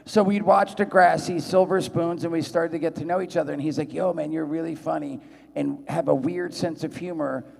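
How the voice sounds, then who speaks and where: A man spins loose, profane stories for a live panel audience. His voice sits a little high and gravelly, and he jumps into excited voices when he quotes people. Everything rings with the long reverb of a big convention hall. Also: fairly quick.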